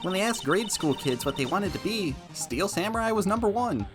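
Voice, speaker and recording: A man voicing an excitable teenage girl assistant, reading a video game aloud over game music. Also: high voice, moderate pace, pitched above the performer's own voice. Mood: excited. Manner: squealing, breathless enthusiasm. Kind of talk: fan voice-acting of a game.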